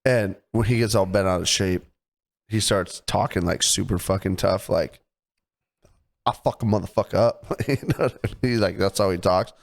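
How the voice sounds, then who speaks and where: Lower-voiced male podcast co-host, swears, gets worked up retelling stories. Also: normal speed, creaky. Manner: profane, indignant storytelling. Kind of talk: casual storytelling chat.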